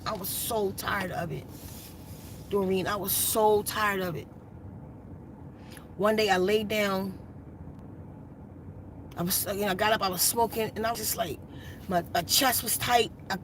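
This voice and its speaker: A woman's voice: mid-range voice, fairly bright tone, a little hiss or hum. A woman hosting a meditation channel, telling a personal story in a casual, earnest and repetitive way from inside her RV. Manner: earnest, repetitive, emphatic retelling.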